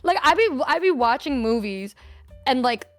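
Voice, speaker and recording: A woman streamer chats casually in a fairly high voice, swearing freely and turning emotional easily. The sound is dry and close. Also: very animated, moderate pace, no room sound, soft background music. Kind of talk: casual chat.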